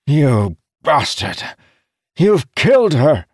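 A man doing a frantic, yelling ship captain. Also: on the low side, animated, takes it slowly, no room sound, clean studio sound, voice pushed up. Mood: frantic rage. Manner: yelling, anguished. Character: desperate male ship captain losing his ship.

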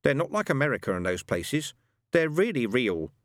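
A man voicing a matter-of-fact young boy who speaks flatly and firmly in a storybook reading. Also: mid-range voice, moderate pace, no echo, studio quality, pitched above the performer's own voice, close to an everyday voice. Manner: flat, firm.

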